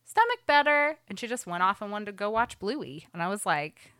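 A woman's voice: medium pitch, a little fast, sharp tone, no room sound, studio quality. A young woman telling a story in casual podcast chat, full of "like"s. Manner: chatty storytelling with many "like"s.

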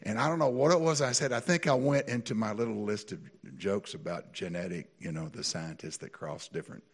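A man preaching a sermon, telling stories with lively, animated delivery that climbs to excited peaks. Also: fairly quick, slightly rough. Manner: animated storytelling, builds to high excited peaks, laughs often. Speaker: pastor.

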